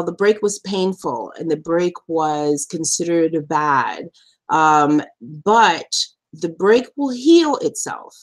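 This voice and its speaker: A woman hosts a live stream and shares a personal story, laughing often and acting out quotes with big jumps in pitch. She's animated, but she slows down and softens her voice for the serious points. She is a survivor advocate as well as a live stream host.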